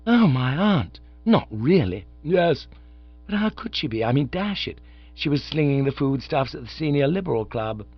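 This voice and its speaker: A man reading an audiobook, voicing a flustered, excitable young gentleman who talks in an agitated rush, higher and louder than the narration. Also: normal speed, breathy edge, no room sound, highs cut off, heavily acted. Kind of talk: audiobook character voice.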